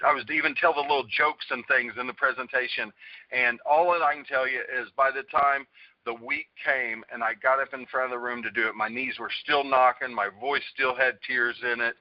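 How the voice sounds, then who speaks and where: A man's voice: mid-range voice, dry recording. A man, host of a talk show, reading from a book and then telling a rambling, earnest personal story with many fillers and restarts. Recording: dull lo-fi radio sound, dry.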